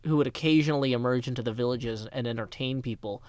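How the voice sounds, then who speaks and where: Tennessee guy streaming a game, rambly and jokey, middle pitch, dry close sound. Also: fast talker, darkish tone, no room sound. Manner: rambling, joking, thanks donors aloud. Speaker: gaming livestreamer. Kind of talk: casual livestream chat while playing.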